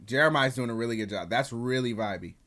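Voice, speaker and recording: A man's voice: medium pitch, fast talker, music in the background. A young man casually reviewing an album as he reacts to it, slangy and profane, with chatty asides to his viewers.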